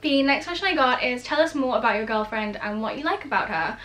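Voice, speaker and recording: A woman's voice: fairly high pitch, expressive, fast, fairly bright tone, a little hiss or hum. A young woman vlogging in casual chat, gushing and rambling with lots of fillers and searches for words.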